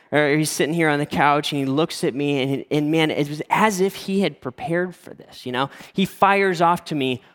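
A man in his forties tells a story from the pulpit, acting out the people in it with shifts of voice. His voice sits a little high. A long reverb trails his words through a large hall. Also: a bit bright. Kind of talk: sermon story.

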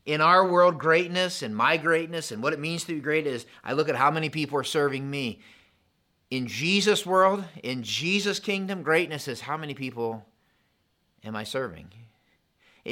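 A pastor preaching a sermon, in an animated, conversational style built on contrasts. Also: male voice, on the high side.

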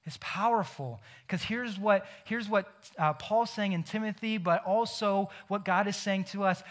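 A young man preaching a sermon, animated and emphatic, acting out imagined conversations. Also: high voice, a little slow, few pauses. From Ohio. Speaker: pastor.

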